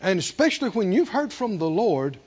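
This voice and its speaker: A male pastor preaching a sermon in an animated way, drawing answers from the congregation. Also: high voice, normal speed, slightly rough, dull audio. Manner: animated preaching with call-and-response.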